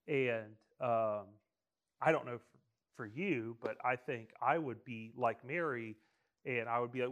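A man's voice: mid-range voice, fairly even intonation, moderate pace, fairly bright tone. A man preaching a casual, humorous storytelling sermon, joking and checking in with frequent tag questions and restarts.

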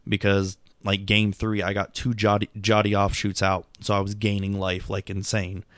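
A man's voice: fairly low pitch, completely flat delivery, normal speed, fairly bright tone, dry recording. A middle-aged man talking through a long night in a rambling, self-critical monologue, tired and subdued, with many restarts and fillers. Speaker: vlogger. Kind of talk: reflective casual monologue.

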